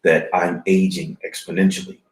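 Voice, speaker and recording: Deep-voiced man, halting and reflective. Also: little pitch movement, echoey room, low-quality recording. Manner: halting, reflective, many restarts. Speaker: podcast co-host. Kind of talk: casual chat. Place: studio.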